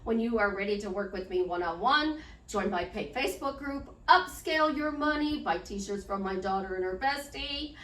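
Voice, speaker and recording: A woman's voice: mid-range voice, lively intonation, normal speed, a bit bright. A woman life coach chatting in an unedited, upbeat vlog, promoting herself and talking straight to her viewers. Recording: echoey room, distant mic.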